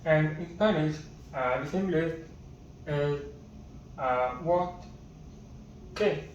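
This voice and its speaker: Hesitant male teacher with a higher voice, listing words one at a time, recorded muffled in an echoey room. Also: extremely slow, far from the mic, a little hiss or hum. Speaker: language teacher. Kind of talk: casual vocabulary lesson.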